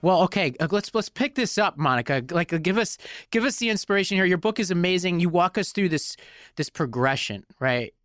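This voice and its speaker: A man's voice: high-pitched, a little fast, no room sound, clean studio sound, soft background music. A male podcast co-host chatting casually and animatedly, with frequent "like". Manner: animated, peppered with "like". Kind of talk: casual chat.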